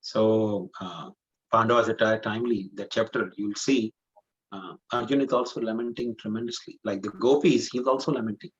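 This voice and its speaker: With a fairly low pitch, fairly even intonation, and a moderate pace, a spiritual teacher responds to a student's question in scripture class. He is earnest, restates his points, and relies on "you know" as he explains. The recording sounds dull and lo-fi.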